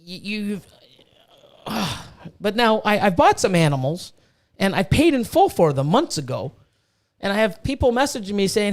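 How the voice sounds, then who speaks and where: A man's voice: high voice, sing-song, normal speed. A man hosting a podcast, ranting heatedly with lots of swearing and stumbling restarts. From Canada. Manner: heated, profane, full of restarts. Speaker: podcast host and snake breeder. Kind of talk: casual podcast rant.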